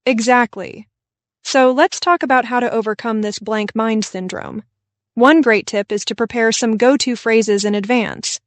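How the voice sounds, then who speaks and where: A woman with a fairly high voice co-hosts a scripted podcast for English learners. She explains tips in a clear, encouraging tone. The sound is dry and close to the mic. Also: fairly even intonation, unhurried, dry recording. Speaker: podcast co-host.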